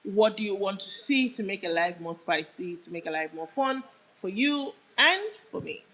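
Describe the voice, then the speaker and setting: A woman's voice: mid-range voice, expressive, moderate pace, sharp tone, low-quality recording. A young woman with a Nigerian accent hosts a casual livestream. She chats with her viewers and reads out their comments as she goes, often trailing off mid-sentence. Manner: chatty, answers comments aloud, drifts off mid-sentence. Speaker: livestream host.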